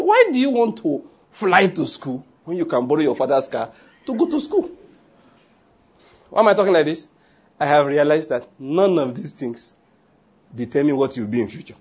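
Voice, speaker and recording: A Nigerian man preaching in a loose, joking way, slipping into Pidgin now and then. His voice sits a little high for a man and has a husky, breathy grain. It sounds like a pastor talking straight to his congregation. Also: big pitch swings, normal speed, long pauses, darkish tone. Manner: humorous, conversational preaching with Pidgin asides. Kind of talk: sermon.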